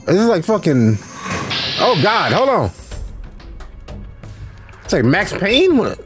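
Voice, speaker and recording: Excitable young man yelping over game music. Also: slow. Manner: excitable, profane, talks to viewers, yelps high when panicked. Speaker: gaming YouTuber. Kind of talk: casual let's play commentary. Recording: loud game music behind voice. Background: game music and sound effects.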